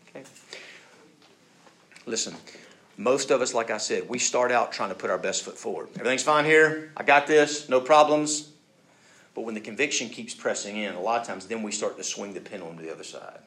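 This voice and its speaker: Speaking on the low side with vocal fry and a fairly bright tone, this pastor delivers his sermon like a conversation. He keeps checking in with and questioning his listeners, and he performs the voices of those he quotes.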